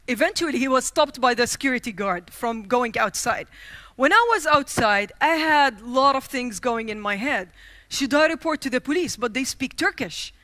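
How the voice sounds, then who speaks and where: A woman delivers a storytelling speech from a conference stage, with a high, bright voice. She is animated and acts out each line of quoted dialogue. The sound is dry and close. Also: dry recording. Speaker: keynote speaker.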